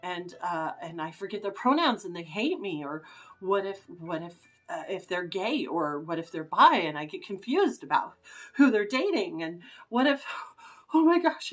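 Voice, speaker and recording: A woman's voice: on the low side, expressive, normal speed. A middle-aged woman vlogging in a casual, rambling way, anxious and emotional, full of fillers and restarts. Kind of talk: casual rambling vlog chat.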